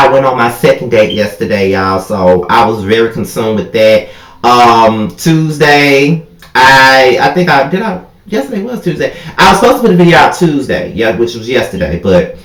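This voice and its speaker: A young man recapping a reality show in a sassy, profane, casual rant, his voice leaping high when he gets outraged. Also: fairly bright tone, echoey room, rough recording. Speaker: YouTube TV recap host.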